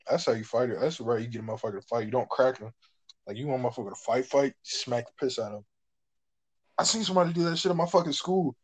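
A man's voice: mid-range voice, rapid-fire, low-quality recording. A young man in casual chat, telling rambling, profane stories.

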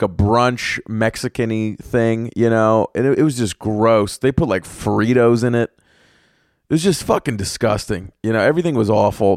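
A man's voice: fairly low pitch, no room sound, clean studio sound. A young man, a comedian, ranting alone on his podcast, swearing freely and putting on mocking voices as he tells stories. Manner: profane, animated storytelling with mocking voices. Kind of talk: casual solo rant.

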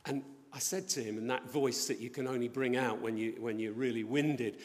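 A middle-aged man preaching a sermon, telling a story in a lively way and acting out the voices of the people in it. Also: mid-range voice, moderate pace, hardly any pauses. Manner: storytelling, animated, acts out quoted voices. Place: church building. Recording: long church reverb.

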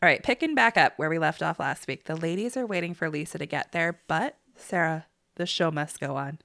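A woman's voice: deep voice, a little fast, fairly bright tone, no room sound, studio quality. A woman co-hosting a casual gossip podcast, chatty and blunt, swearing freely. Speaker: podcast co-host.

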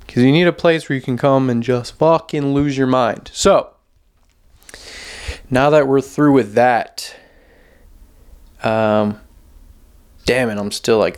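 A man's voice: medium pitch, smooth. A young man ranting alone on his podcast, profane and rambling, often losing his train of thought. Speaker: podcast host and open-mic comedian. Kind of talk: solo podcast rant.

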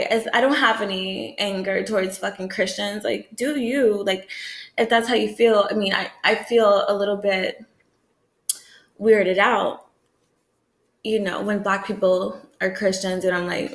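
A young woman from the American South talking in a profane, rambling, animated way in a casual vlog rant. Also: medium pitch, roomy sound. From Southern United States. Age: young adult.

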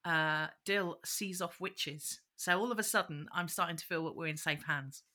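Woman co-host, bright and animated, casual recap talk. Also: fairly low pitch, normal speed. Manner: animated retelling, bursts into quoted voices. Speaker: podcast co-host. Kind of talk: casual chat recapping a children's show.

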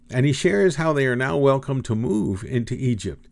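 A man preaching a sermon, with dramatic, slow, emphatic delivery and big swings in pitch and volume. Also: expressive, gravelly.

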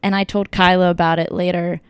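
A young woman telling a story in casual chat, full of "like" and "kinda", quoting people in lively bursts. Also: fairly low pitch, a little fast, smooth, dry recording.

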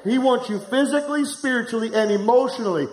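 A middle-aged pastor preaching live to a congregation, candid and humorous, telling a personal story and speaking to the room directly. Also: male voice, very high voice, fast talker. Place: church hall, live before a congregation. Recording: echoey room.

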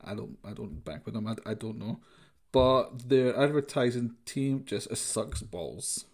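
A man's voice: medium pitch, animated, a little slow, gravelly, a little mellow. Male podcaster; sarcastic, rambling comic ranter. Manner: sarcastic, rambling, many fillers. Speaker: podcast host. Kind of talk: comic ranting monologue.

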